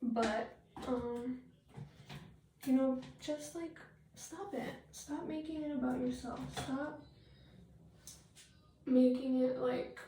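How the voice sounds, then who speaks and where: Slow and warm, with frequent pauses, this vlogger's high, steady voice carries a blunt, swear-laden rant as she does her makeup for a get-ready-with-me video, often drifting into fillers. The recording has a distant mic, an echoey room and faint noise.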